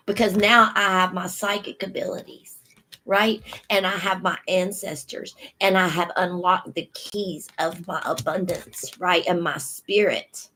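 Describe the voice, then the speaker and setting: Slow sassy lady reading tarot for her viewers, emphatic and blunt. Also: on the low side, steady tone, pushed and bright, poor audio. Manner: sassy, emphatic, laughs often. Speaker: tarot reader. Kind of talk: casual spiritual tarot reading.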